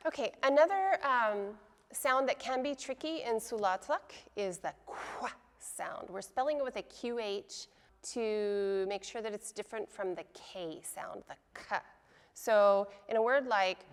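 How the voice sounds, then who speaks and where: A woman teaching pronunciation in a patient way, explaining each sound slowly and repeating the words. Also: mid-range voice, in a large hall. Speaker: language teacher. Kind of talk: pronunciation lesson.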